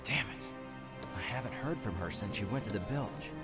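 A man's voice: on the low side, animated, moderate pace, lightly acted. An actor playing a worried male agent in a video game, speaking curtly and urgently. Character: worried adult male agent seeking his partner. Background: loud game music.

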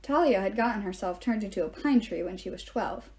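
A woman reading a novel aloud, telling the story in first person in an even way. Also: medium pitch, brisk. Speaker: reader.

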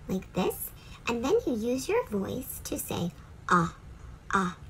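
A woman teaching a children's phonics lesson, cheerful, drawing out each letter sound slowly for young learners. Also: fairly high pitch, gravelly, a bit bright, slight background noise. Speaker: reading teacher.

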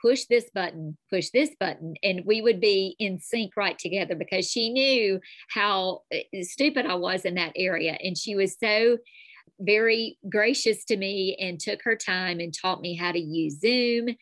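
A woman's voice: mid-range voice, measured pace, dry recording. Chatty woman with a North Alabama accent. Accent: North Alabama Southern. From North Alabama, USA. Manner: chatty, animated storytelling. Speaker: calligraphy teacher, guest. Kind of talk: casual interview chat.

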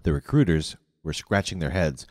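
A man narrating an audiobook in an expressive reading. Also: rumbling low, normal speed, no room sound, studio quality, in a large hall. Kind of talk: scripted narration.

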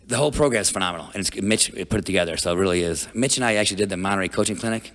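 Fast-talking deep-voiced man, energetic and rambling. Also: in a large hall. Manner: energetic, rambling, many restarts. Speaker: guest wrestling coach. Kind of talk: casual storytelling.

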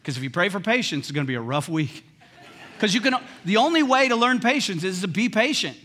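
A man preaching a sermon as pastor in a church, in a conversational, humorous way that swings between hushed lines and emphatic ones. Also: sits high, very animated, a little fast, a faint crowd. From United States. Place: church sanctuary.

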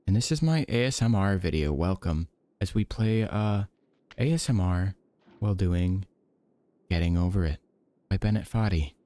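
Guy doing soft asmr game commentary, quiet gentle self-talk, swears now and then, dry sound. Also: low-pitched, animated, normal speed, long pauses, dry recording. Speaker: game streamer.

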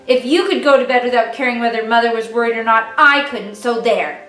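A woman voicing a cheeky, sulky young boy in a read-aloud storybook, brisk and teasing. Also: fairly high pitch, lively intonation, fairly bright tone. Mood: indignant. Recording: echoey room, distant mic, faint music.

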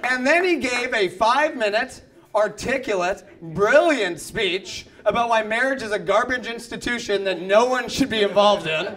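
A man doing a stand-up set in a comedy club, animated, acting out the people in his stories. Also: high-pitched, moderate pace. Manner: animated, acts out voices. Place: comedy club, half full. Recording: live club with audience laughter.

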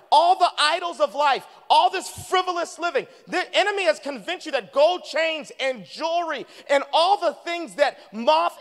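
A man preaching a sermon as a guest preacher in a church, animated and calling for responses from the congregation. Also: very high voice. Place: church sanctuary. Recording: long reverb of a church hall.

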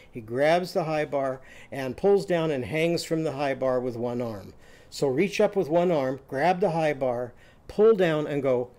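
Guy teaching phonics, fairly high voice, animated, belts out vowel sounds n quizzes the kids. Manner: animated, loud drawn-out vowel shouts and quiz prompts. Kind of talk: demonstrating phonics lesson.

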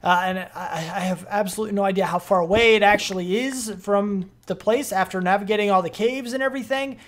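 A young adult streamer giving casual, rambling gameplay commentary, excitable and full of fillers. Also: mid-range voice, fairly quick.

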